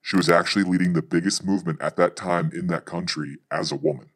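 Male pastor, low register, brisk storytelling testimony. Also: steady tone, fairly bright tone. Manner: fast narrative storytelling.

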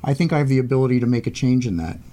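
Measured man answering interview questions. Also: mid-range voice, expressive, warm tone. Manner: measured, with hesitations and throat clearing. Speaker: podcast guest, venture capital CEO.

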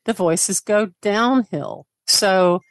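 A woman with a Southern accent, a comedian guest chatting casually and telling animated stories. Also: mid-range voice, extremely slow, no room sound, studio quality. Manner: animated storyteller, mimics voices. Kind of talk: casual interview chat.

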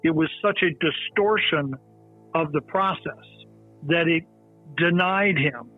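A man who prosecuted a case, recalling a courtroom hearing in a measured, opinionated way with many fillers. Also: on the high side. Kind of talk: interview recollection. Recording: phone-line interview with faint music.

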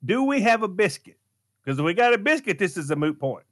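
A man co-hosting a radio show in casual banter, animated and laughing, playfully arguing his point. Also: high voice, a little fast. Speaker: radio co-host.

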